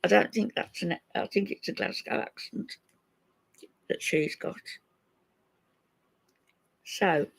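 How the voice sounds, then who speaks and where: A woman's voice: fairly low pitch, takes it slowly, vocal fry, pauses often, husky. An older woman hosting a casual livestream, talking to her viewers in an indignant, scolding way. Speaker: livestream host.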